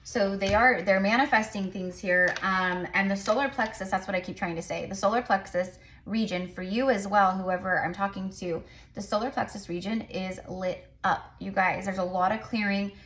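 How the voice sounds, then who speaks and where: A woman's voice: mid-range voice, steady tone, fairly bright tone, a little hiss or hum. A woman giving a casual tarot reading to her viewers, rambling with many fillers and restarts. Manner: says she talks fast. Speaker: tarot reader.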